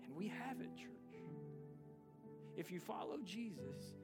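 A man's voice: high-pitched, very animated, slow, vocal fry. Earnest man preaching over music. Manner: earnest, conversational preaching with swells of intensity. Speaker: pastor. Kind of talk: sermon. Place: church service.

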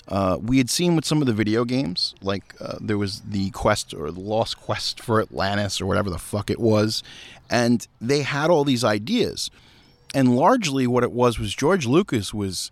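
A man hosting a podcast outdoors in casual chat, animated and riffing, with frequent swearing. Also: on the low side, dry recording. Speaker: podcast host.

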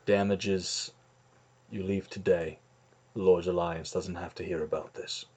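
A man voicing a calm, wry tavern man who brushes off a brawl in a quiet, low-key way. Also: measured pace, slightly rough. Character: calm, wry man settling a bar-fight tab.

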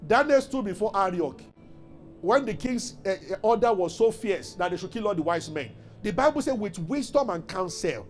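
A man's voice: high-pitched, lively intonation, normal speed, soft background music. A man preaching a fervent sermon as pastor, building to emphatic declarations.

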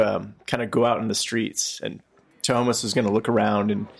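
A man with a gravelly, fry-tinged voice playing a tabletop game. He talks hesitantly, with fillers and small laughs, at a middle pitch. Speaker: player.

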